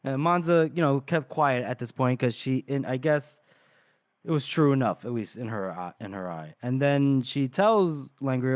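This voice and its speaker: A man co-hosting a book podcast, speaking at an ordinary middle pitch. He retells scenes casually and slips characters' lines into his recap. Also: lively intonation, moderate pace. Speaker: podcast co-host.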